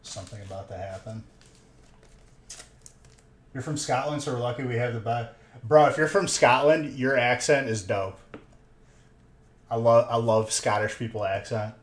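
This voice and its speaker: In an echoey collectibles shop room with faint noise, a young man talks through a headset while hosting a card box break livestream. He chats casually with his stream in a mid-range voice at a moderate pace, with long pauses. Laid-back throughout, he says "dude" and "bro" a lot.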